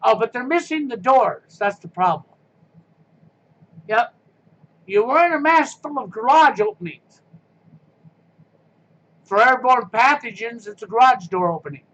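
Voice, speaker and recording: Man, live-stream rant, mocking and blunt, sharp bright tone, muffled lo-fi audio. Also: very high voice, lively intonation, a little slow, pauses often.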